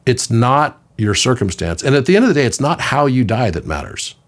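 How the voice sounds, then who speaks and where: A man in his fifties, a podcast guest, talking in a conversational, storytelling way, sometimes doing voices for quoted people. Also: fairly quick. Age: 50s. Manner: animated storyteller, puts on high voices for quoted children.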